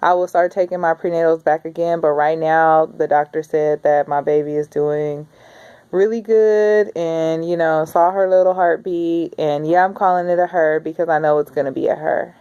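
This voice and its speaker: A woman in her thirties rambles warmly through a casual video diary, chatting straight to camera. Her voice sits a little low, and the recording sounds slightly dull and lo-fi. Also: steady tone, moderate pace, clear, resonant tone. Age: 30s. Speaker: vlogger.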